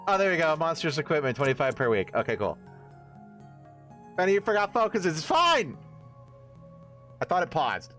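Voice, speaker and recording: A man's voice: on the high side, sing-song, moderate pace, long pauses, a bit bright, faint music behind. A man casually commenting on a strategy game stream and reading story text aloud, swearing and laughing as he goes.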